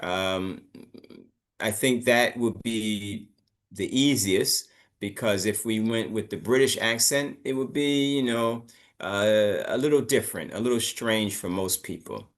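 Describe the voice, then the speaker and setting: A man's voice: lowish voice, a little slow. A man teaching an English pronunciation lesson, coaching students and repeating words for them to copy.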